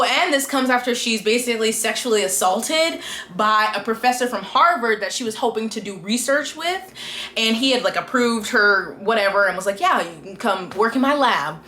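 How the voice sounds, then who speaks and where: A woman's voice: mid-range voice, sharp tone, roomy sound, slight background noise. A woman giving an exasperated, casual book review rant and acting out the characters' lines along the way.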